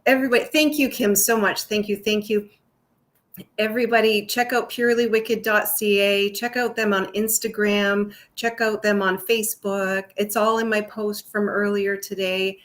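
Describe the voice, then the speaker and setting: A woman's voice: medium pitch, level tone, moderate pace, fairly bright tone. A woman hosting a casual live-stream chat, bubbly and effusive, laughing often. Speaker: host.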